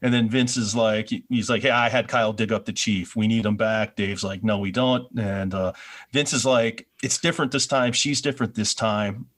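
A man co-hosting a podcast, recapping a TV episode in a relaxed, meandering way. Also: on the low side, normal speed. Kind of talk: casual chat.

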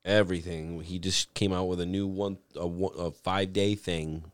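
A young man co-hosting a casual podcast, telling profane, laughing stories in lively chat. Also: low-pitched, moderate pace, clean tone, no room sound. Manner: profane, laughing, animated storytelling. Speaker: podcast co-host.

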